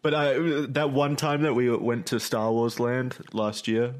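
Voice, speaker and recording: Male co-host, casual chat, hesitant, restarts a lot, average pitch. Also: measured pace. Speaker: podcast co-host.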